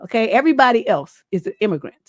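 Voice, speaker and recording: A woman's voice: fairly high pitch, expressive, very fast. A middle-aged American woman hosting a relationship advice livestream, talking bluntly and emphatically and swearing freely. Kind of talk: livestream advice talk, reading a viewer letter.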